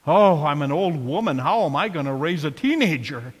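A man's voice: on the high side, very animated, normal speed, slightly rough, voice pushed down. A man voicing a weary old woman who grumbles about aches and worries, in a reverberant hall. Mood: complaining. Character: old woman complaining and worrying.

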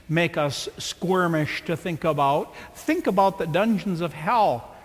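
High-voiced guy preaching a sermon, lots of rhetorical questions, echoey hall. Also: a little slow. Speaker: pastor.

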